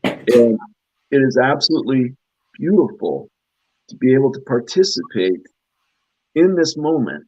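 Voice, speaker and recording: A man's voice: mid-range voice, very animated, unhurried, long pauses, a little mellow, no echo. A man speaking earnestly and emotionally in a spiritual talk-show conversation, rambling with fillers over a video call. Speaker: guest speaker. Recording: dull, lo-fi dry audio.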